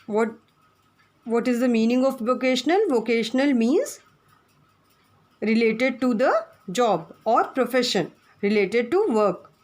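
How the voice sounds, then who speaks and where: Slow woman teacher spelling words. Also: fairly high pitch, expressive. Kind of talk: classroom lesson for children.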